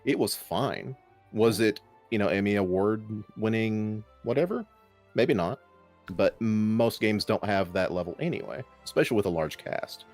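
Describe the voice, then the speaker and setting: A man's voice: on the low side, animated, normal speed, a little mellow, soft background music. A man in a casual group discussion, speaking emphatically and with firm opinions. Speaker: podcast guest.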